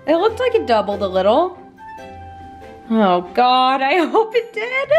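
A woman's voice: high-pitched, huge pitch swings, unhurried, soft background music. A woman vlogger chatting casually as she bakes in her home kitchen, joking and laughing at herself often. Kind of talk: casual baking vlog chat.

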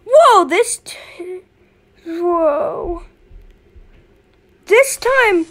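A woman giving let's play commentary, excitable and quick to panic. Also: very high voice. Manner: excitable, panicky, yelling in fright. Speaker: gameplay commentator.

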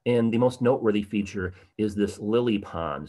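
A man with a fairly low voice gives a livestreamed art talk. His delivery is casual and chatty, full of ums and asides. He perks up now and then to stress a point. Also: moderate pace. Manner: casual, conversational, animated at times, many fillers. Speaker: tour guide presenting an online program.

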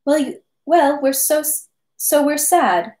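A woman's voice: high-pitched, lively intonation, takes it slowly, a little mellow, reverberant, pitched above the performer's own voice. A woman reading aloud and voicing a merry, boastful male French army captain who talks in an effusive, insistent way. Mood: concerned, earnest.

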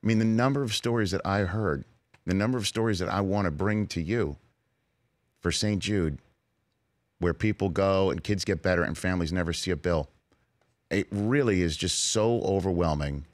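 A man's voice: deep voice, moderate pace, dry recording. A man in his forties hosting a sports talk show, telling an earnest, sometimes emotional story in casual studio chat. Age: 40s. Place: radio studio.

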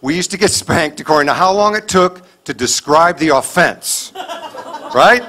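High-voiced man doing loud stand-up. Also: expressive, normal speed. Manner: loud, punchy delivery with voiced bits and asides. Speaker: stand-up comedian. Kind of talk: stand-up comedy set. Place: live comedy venue with audience. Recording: live show with crowd noise. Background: audience laughter.

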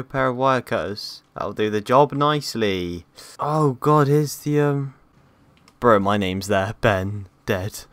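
A young man playing through a horror game and talking to himself as he goes. He speaks slowly and drags out his reactions, then swears and yelps at every scare. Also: mid-range voice, clear, resonant tone, dry recording. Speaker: gaming YouTuber. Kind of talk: horror gameplay commentary.

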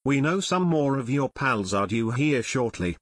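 A man's voice: mid-range voice, sing-song, unhurried, husky, no echo, studio quality. A man doing a firm teen boy detective. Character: steady teen boy detective giving orders.

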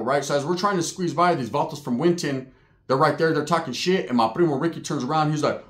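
A man telling a street story in slangy, casual talk, shouting high when he acts out other people. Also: fast talker. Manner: slangy, animated, voices others with loud high yells. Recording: echoey room.

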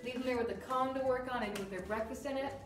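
Calm firm woman dog trainer, distant roomy sound. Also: sits high, fast talker, a little hiss or hum. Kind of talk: instructional demonstration.

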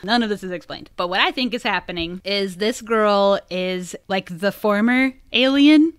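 A woman's voice: medium pitch, moderate pace, clean tone, dry recording, clean studio sound. A woman hosting a casual film podcast, recapping research with frequent laughs and filler likes. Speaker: podcast host.

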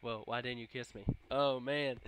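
A young man doing let's play commentary, with excitable, jokey and profane reactions. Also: mid-range voice, heavy background noise. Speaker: gameplay commentator.

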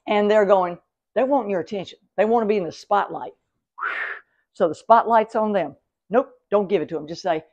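A woman's voice: medium pitch, expressive, normal speed, darkish tone, highs cut off. A woman working as a psychic medium, giving advice in a casual vlog and talking straight to the viewer in an exclamatory way.

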